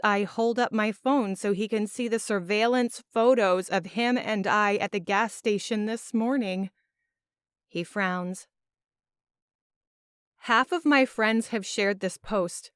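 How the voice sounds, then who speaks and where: A woman narrating a first-person audiobook with expressive, emotional delivery. Her voice is smooth and clear at a medium pitch. The recording is dry and close, with no room sound. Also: no room sound.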